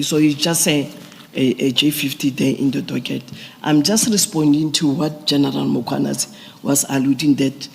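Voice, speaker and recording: A man, a police general giving deliberate, procedural testimony at a formal hearing. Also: a little high, creaky, slight background noise. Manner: deliberate, procedural, restarts phrases. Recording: long reverb of a large hearing room.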